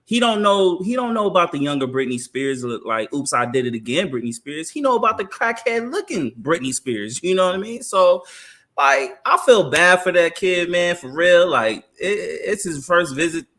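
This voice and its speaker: A young man co-hosting a podcast in casual, slang-heavy banter. His pitch swings widely as he talks, and his tone is bright and sharp. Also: moderate pace. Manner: animated, slangy, laughs often. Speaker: podcast co-host. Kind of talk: casual chat.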